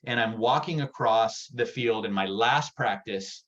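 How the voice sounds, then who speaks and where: An energetic man giving a workshop presentation as a real estate sales coach, talking in an excitable, punchy and direct way. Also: medium pitch, measured pace. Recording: dull lo-fi recording.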